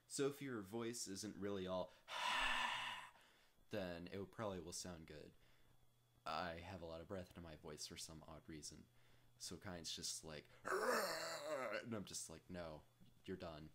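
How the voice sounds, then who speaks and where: A man casually rambling through a software tutorial, self-deprecating and full of jokey asides. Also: deep voice. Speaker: tutorial host.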